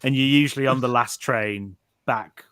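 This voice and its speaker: A man's voice: mid-range voice, moderate pace, pushed and bright, smooth, no echo. A man hosting a casual podcast chat, joking wryly and steering the conversation. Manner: wry, joking, plugs the show. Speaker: podcast host.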